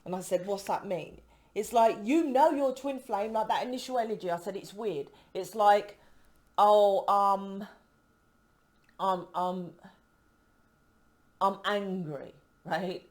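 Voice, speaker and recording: A woman's voice: medium pitch, lively intonation, moderate pace, dark tone. A woman from the UK doing a casual tarot reading to camera, emphatic and rambling, breaking off mid-word and asking "right?" to win agreement. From United Kingdom. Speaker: tarot reader.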